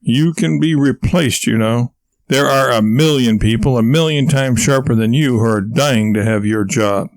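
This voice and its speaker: A man's voice: mid-range voice, moderate pace, no echo, lightly acted. A man voicing a pompous, bossy office man. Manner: bossy, self-important. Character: pompous blustering male office worker.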